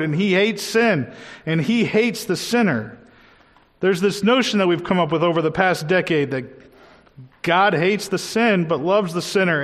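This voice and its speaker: A man preaching a sermon earnestly, slowing down to stress his key words. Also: high-pitched. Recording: long hall reverb.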